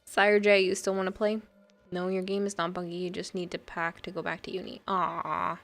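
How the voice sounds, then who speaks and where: A woman's voice: lowish voice, flat delivery, moderate pace, vocal fry, faint music behind. A woman livestreamer chatting casually and rambling as she plays a game and reads out her chat, often breaking into laughter. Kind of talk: casual chat while gaming and reading chat.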